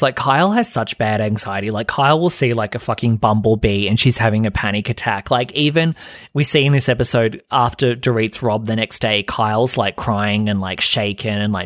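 A man's voice: fairly low pitch, fairly quick, no echo, studio quality. Chatty, profane man recapping gossip. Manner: chatty, profane, filler-heavy, mocking quotes. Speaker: podcast host.

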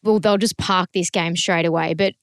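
A woman's voice: on the low side, fairly even intonation, normal speed, dry recording, studio quality. A woman hosting a sports podcast, upbeat and steering the talk with questions. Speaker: podcast host. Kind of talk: casual sports chat. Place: podcast studio.

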